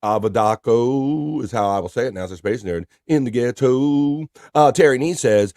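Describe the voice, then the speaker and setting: A man's voice: medium pitch, animated, moderate pace, darkish tone, no room sound, clean studio sound. A man hosting a live stream, joking casually and reading chat messages aloud. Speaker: livestream host.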